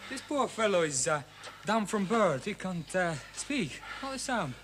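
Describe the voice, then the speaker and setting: A smug Italian gangster. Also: male voice, high-pitched, big pitch swings, measured pace, background noise. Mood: mocking. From Milan, Italy. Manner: mocking, smug, breaks into sly laughs. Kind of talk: 1970s TV crime drama acting.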